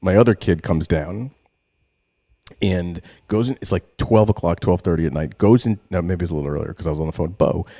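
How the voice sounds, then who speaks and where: A man in his forties, a podcast co-host, telling a story in casual chat, swearing often and acting out his own yelling. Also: deep voice, a little fast, no room sound.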